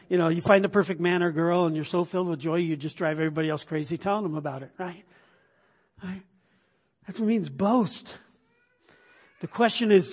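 A man's voice: fairly high pitch, husky. A middle-aged male pastor preaching a conversational sermon, full of restarts and sudden bursts of emphasis. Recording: long hall reverb.

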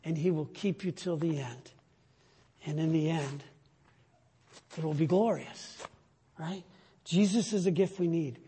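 A man preaching a sermon, slow and emphatic, rising to loud declarations and sinking to near-whispers. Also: a little high, breathy edge. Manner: slow, emphatic preaching that swells loud then drops to a hush. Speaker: pastor. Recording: long hall reverb.

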